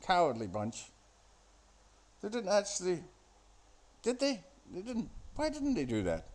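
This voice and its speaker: A man's voice: sits high, huge pitch swings, normal speed, a little mellow. Crude sardonic man rambling over a film. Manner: sardonic, crude, profane, off-the-cuff. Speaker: host commenting on a film. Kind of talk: casual rambling commentary.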